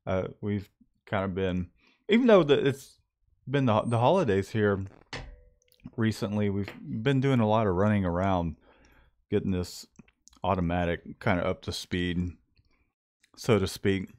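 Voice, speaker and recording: A man hosting a casual live stream from a screen printing shop, relaxed and laughing often. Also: lowish voice, a little slow, pauses often. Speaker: host.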